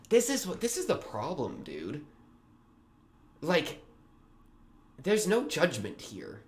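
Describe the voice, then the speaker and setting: A man's voice: medium pitch, huge pitch swings, a little slow, long pauses. A young man hosting a reaction video, talking in a rambling, slangy way with lots of fillers. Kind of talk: casual reaction commentary.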